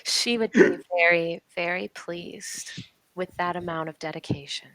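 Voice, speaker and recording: A woman voicing a priestess's envoy in a tabletop game, formal, measured and persuasive. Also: on the low side, fairly bright tone, no room sound, low-quality recording.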